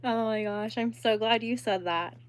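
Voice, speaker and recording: A woman's voice: on the high side, steady tone, normal speed. A young woman hosting a crochet livestream, chatting casually and laughing while she answers viewers and works.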